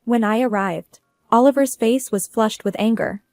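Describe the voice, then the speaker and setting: A woman's voice: fairly high pitch, normal speed, a little mellow, dry recording, studio quality, soft background music. A woman narrating a first-person drama story in a cool, businesslike manner.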